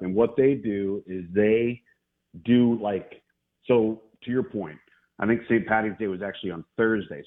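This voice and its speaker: Man on a tinny phone line. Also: fairly low pitch. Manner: animated storyteller, repeats himself for emphasis. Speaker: college football analyst guest. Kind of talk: casual radio chat. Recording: phone-line guest call.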